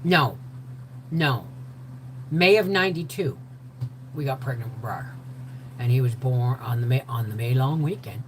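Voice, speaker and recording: An older woman telling a personal story in an animated way, acting out the voices of the people in it. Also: very deep voice, unhurried, long pauses, a little hiss or hum, low-quality recording. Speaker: host.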